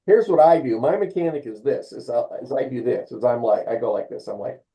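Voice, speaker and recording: Dark-voiced man teaching umpire mechanics. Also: mid-range voice, brisk, low-quality recording. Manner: animated, acts out calls and quotes; repeats and restarts phrases. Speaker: umpire clinic instructor. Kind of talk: live online training session.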